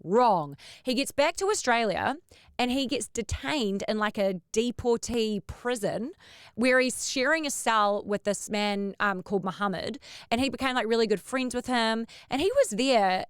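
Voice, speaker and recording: A woman, hosting a podcast and telling a story in a casual, animated way, acting out the voices she quotes. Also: fairly high pitch, normal speed, clean tone, dry recording, studio quality. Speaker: podcast host.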